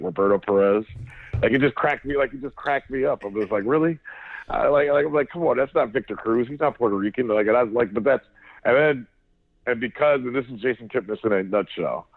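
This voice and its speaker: Male podcast co-host, lively storyteller with restarts and cussing; dry, thin phone-line audio. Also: fairly low pitch, no echo. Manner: animated storyteller, swears, frequent restarts. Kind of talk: casual sports chat.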